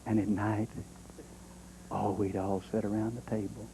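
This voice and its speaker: A man playing a folksy country-boy character, telling a comic monologue in a deadpan drawl. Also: on the low side, a little slow, background noise. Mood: droll. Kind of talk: stand-up comedy monologue.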